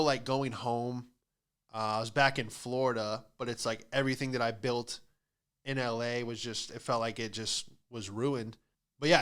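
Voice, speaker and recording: A man's voice: mid-range voice, pushed and bright, smooth. A young man hosting a podcast, telling stand-up-style stories in a sarcastic, ranting way and acting out other people's voices. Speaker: podcast host and stand-up comic. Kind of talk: casual comedic monologue.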